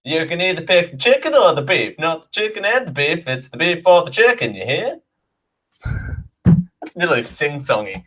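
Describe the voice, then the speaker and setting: A man's voice: fairly high pitch, very animated, fairly bright tone, distant mic, voice pushed up. A chirpy, drawling Southern air hostess, as a man puts her on, with a sing-song lilt. Her voice sits a little off the mic. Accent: put-on Southern US drawl. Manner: sing-song, drawn-out safety spiel.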